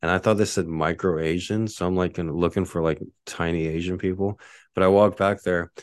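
A low-pitched man from Texas hosts his podcast, spinning loose personal stories in a casual, rambling way. He leans on "like" constantly and swears offhandedly. The sound is dry, with no room echo. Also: fairly even intonation, normal speed, smooth. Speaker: podcast host. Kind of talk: casual storytelling.

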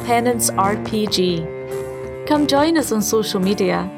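A woman reads a promo in a smooth, theatrical announcer manner. Her voice sits in a middle pitch. Music plays clearly behind her. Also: lively intonation, unhurried, low-quality recording. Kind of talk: scripted podcast promo read.

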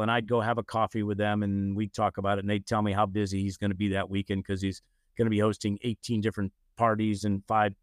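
An older man from the United States, a guest telling a lively anecdote in casual conversation, often acting out the voices of the people he quotes. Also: fairly low pitch, no room sound, clean studio sound. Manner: animated anecdotes, acts out quoted voices, frequent "you know". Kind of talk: casual storytelling.

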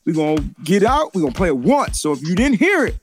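A man hosting a casual sports talk show, talking in an animated, emphatic way and repeating his points. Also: sits high, quick pace, soft background music.

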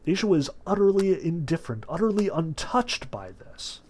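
A male literature lecturer talking through a novel. He is emphatic and animated, with sudden surges of stress and casual asides. His voice sits a bit high. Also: normal speed, a little hiss or hum.

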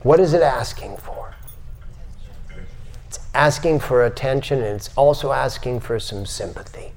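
A man's voice: medium pitch, darkish tone. A man giving a spiritual lecture to a live audience, asking many rhetorical questions.

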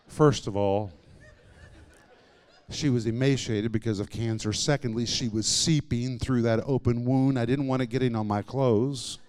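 A male preacher telling a personal story in a sermon, with dramatic swings between hushed lines and loud, emphatic ones. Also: mid-range voice, steady tone, normal speed, slight background noise.

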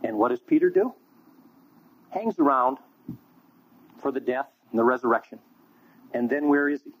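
A man preaching a sermon, telling a story in an animated, conversational way. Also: medium pitch, normal speed, breathy edge. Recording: tinny phone-like line.

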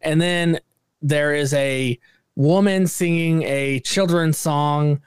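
A man's voice: a little high, takes it slowly, clear, resonant tone, dry recording, studio quality. A man co-hosting a movie podcast, chatting casually and ranting with frequent swearing. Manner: animated, swears a lot, rants with raised voice. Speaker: podcast co-host. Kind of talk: casual movie review chat.

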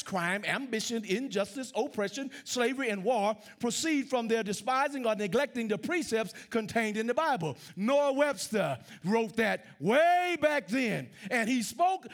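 A man preaching a sermon, swinging from loud declarations to hushed asides and repeating his phrases. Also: high voice. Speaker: pastor.

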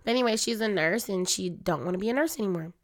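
Chatty woman, a bit hoarse. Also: quick pace. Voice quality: deeper, grown-up voice than her usual small one. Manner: chatty, confiding, talks straight to listeners as y'all. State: keeps clearing her throat, voice a little hoarse. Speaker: podcast host. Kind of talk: casual personal chat.

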